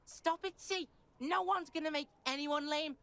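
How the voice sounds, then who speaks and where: A man's voice: very high voice, a little slow, sharp tone, slight background noise, voice pushed up, heavily acted. A man voicing a crude, cocky boy in a game playthrough who talks about himself in the third person. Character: foul-mouthed scrappy boy.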